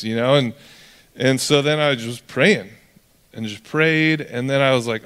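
A man's voice: medium pitch, moderate pace, fairly bright tone, clear, resonant tone. A man from California preaching a sermon as pastor, in a casual, joking storytelling manner.

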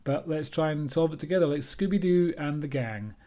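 Rambling Scottish man, mellow voice. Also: on the high side, lively intonation, brisk. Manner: rambling, self-deprecating, chatty. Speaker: author and podcast host. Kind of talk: casual solo podcast monologue.

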